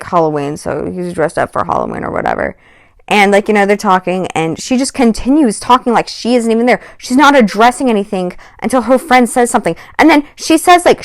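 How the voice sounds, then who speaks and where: A woman's voice: mid-range voice, dry recording, studio quality. A woman vlogging a casual storytime, rambling with lots of "like" and "um" and exasperated asides. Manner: rambling, heavy on "like" and "um".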